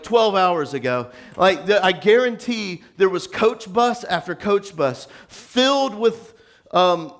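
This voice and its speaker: High-voiced man preaching with jokes. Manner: animated, joking, conversational storytelling. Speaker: pastor. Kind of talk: sermon.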